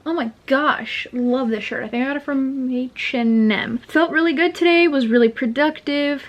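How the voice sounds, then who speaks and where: A young woman talking casually to camera in a book vlog, chatty and gushing with quick asides. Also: sits high. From Armenian heritage. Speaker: book vlogger.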